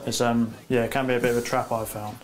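A man calmly explaining tabletop game tactics after a match, with some fillers. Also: medium pitch, fast talker, soft background music. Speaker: tabletop wargame player. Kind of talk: casual post-game chat.

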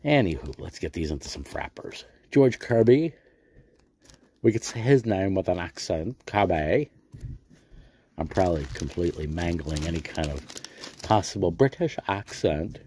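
His voice sits low and warm with a breathy edge, lively in intonation and moderate in pace. A middle-aged American who collects cards on YouTube, he chats and jokes through a pack opening, saying things more than once.

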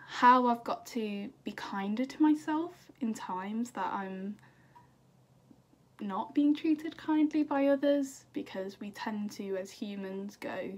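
A woman's voice: on the high side, animated, slow pace, darkish tone. A young woman chatting to camera in a bubbly, self-deprecating way, answering viewer questions. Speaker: singer and YouTuber. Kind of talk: casual chat to camera.

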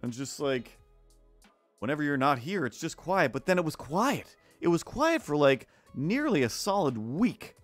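A man's voice: on the high side, big pitch swings, normal speed, no room sound. Sarcastic guy rambling on his art stream, dry close sound, bit of music under it. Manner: rambling, sarcastic, acts out quoted neighbors. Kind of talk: casual rambling storytelling while drawing. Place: home art stream setup.

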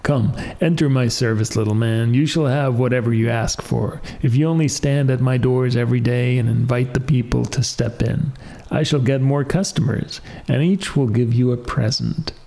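A man's voice: medium pitch, normal speed, vocal fry, warm tone, natural voice. A man voicing a mocking, jovial barber.

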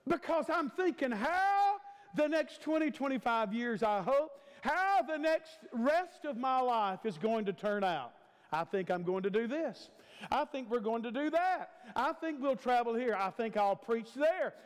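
A man in his fifties preaching with an emphatic, repetitive cadence. His voice is very high and swoops widely as he draws the words out slowly. Long reverb from a large church sanctuary hangs behind every phrase. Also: expressive, clear, resonant tone. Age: 50s. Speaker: guest preacher. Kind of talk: sermon.

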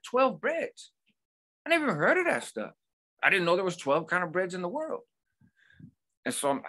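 A man's voice: high voice, very animated, brisk, pauses often, sharp tone. A man in his forties hosting a vlog, telling a personal story in a casual, conversational way with frequent asides. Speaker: vlog host.

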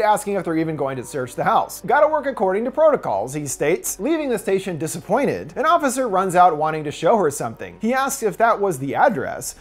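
A woman narrating a scripted film recap, retelling the plot with animated storytelling and quick wry asides. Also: medium pitch.

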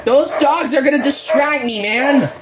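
In a very noisy recording, a woman with a high voice talks at a measured pace while hosting a gaming channel. Her horror game commentary rambles and sounds exasperated, full of groans and "bruh," with game music and barking dogs behind her.

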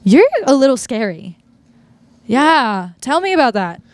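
An enthusiastic woman conducts quick interviews, her voice sitting a bit high. The sound is dry and close, with no room echo. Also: big pitch swings. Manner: enthusiastic, bubbly. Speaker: interviewer for a local channel. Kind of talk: upbeat interview.

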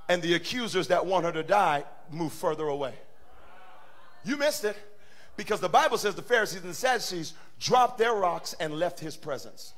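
Male pastor, high and very expressive voice, preaching in a church, quiet stretches building to shouts. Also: normal speed. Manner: animated preaching, swings from soft to shouting. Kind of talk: sermon. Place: church sanctuary.

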